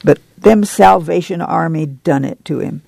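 A reader voicing a fierce, hoarse, proud woman in a folksy rural dialect. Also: low voice, a little slow, dark tone, dry recording, exaggerated voice.

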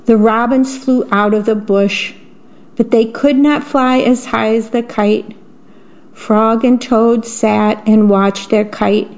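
A woman volunteer radio reader tells a bedtime story with slow, clear delivery. Her voice sits fairly high and she takes her time. The recording has a slightly dull radio tone. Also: fairly even intonation, a little mellow.

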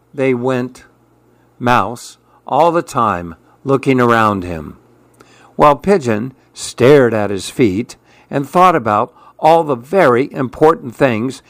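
A man reading a children's story aloud, slow and measured. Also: medium pitch, no echo.

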